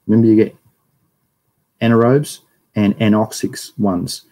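Gravelly Australian man lecturing. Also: lowish voice, steady tone, measured pace, dark tone, poor audio. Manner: rambling, chatty, reads chat aloud. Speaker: livestream lecturer. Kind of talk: casual livestream lecture.

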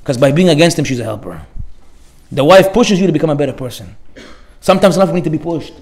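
A man delivers a sermon as a rabbi. His voice sits fairly high for a man. He leans on rhetorical questions and Hebrew phrases as he tells his stories. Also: lively intonation, fast talker, darkish tone, roomy sound. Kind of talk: Torah class sermon.

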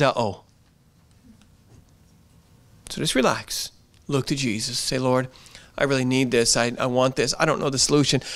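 Male pastor, mid-pitched voice, conversational sermon delivery, earnest and repetitive, church setting. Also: a bit bright. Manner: earnest, conversational preaching with repeated phrases.

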